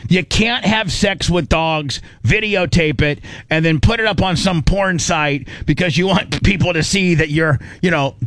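A man's voice: on the high side, a little slow, few pauses, fairly bright tone, no room sound. A man hosting a radio show in his studio, rambling and stammering through emotional casual banter. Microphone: studio microphone.

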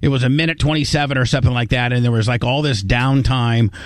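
A man's voice: mid-range voice, fairly even intonation, fast, no echo. A man co-hosting a podcast, talking in a casual, rambling way with lots of restarts and emphatic asides. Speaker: podcast co-host. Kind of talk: casual chat.

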